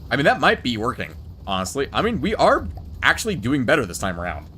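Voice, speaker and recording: A man giving relaxed, chatty commentary while playing a building game, joking with his chat as he goes. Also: mid-range voice, fast, slight background noise. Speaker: gameplay streamer.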